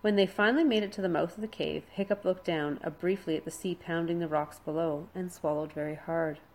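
A woman narrating a children's adventure storybook in a steady, expressive reading voice. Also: fairly low pitch, fairly quick, rough recording.

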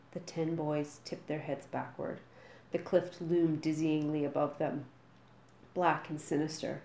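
Low-voiced woman reading a storybook aloud. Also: flat delivery, measured pace, dark tone, roomy sound, a little hiss or hum.

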